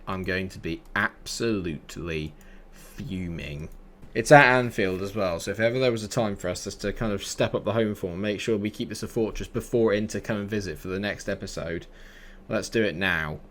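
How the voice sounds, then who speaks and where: A man's voice: lowish voice, slight background noise. A young man commentating his own football management game in a casual way, grumbling under his breath and breaking into exasperated outbursts. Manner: exasperated, swings from mutters to outbursts. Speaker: gaming YouTuber. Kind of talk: casual let's-play commentary.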